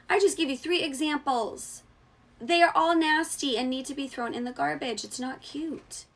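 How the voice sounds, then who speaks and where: A woman hosting her own show in sassy, mock-outraged comedic commentary, swearing freely, her voice cracking when it rises. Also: normal speed. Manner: voice cracks when going high. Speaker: show host.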